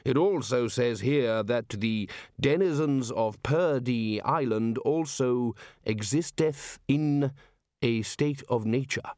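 A man voicing a pedantic older male wizard slowly deciphering old handwriting. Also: medium pitch, a little mellow, dry recording, clean studio sound, natural voice. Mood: laborious.

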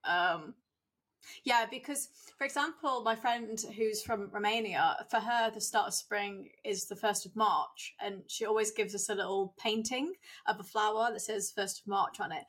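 A woman's voice: mid-range voice, moderate pace, a bit bright. A young woman, chatting casually as a podcast co-host and acting out the people she quotes. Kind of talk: casual chat.

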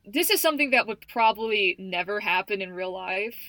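Lively bright young woman, dry sound. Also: medium pitch, fairly quick, dry recording. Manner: laid-back, laughing, casual slang. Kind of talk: casual chat.

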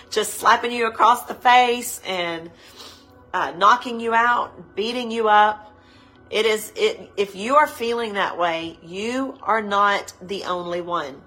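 In a low-quality recording, a woman pastor delivers a live devotional sermon with a medium-pitched, sharp-toned voice. Teary-eyed, she pleads earnestly, repeating phrases and slowing to dwell on certain words.

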